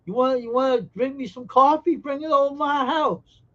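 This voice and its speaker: A man's voice: very high-pitched, a little fast, a bit bright, dull audio. Brash joking man streaming live. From Massachusetts. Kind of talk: casual live stream chat with viewers.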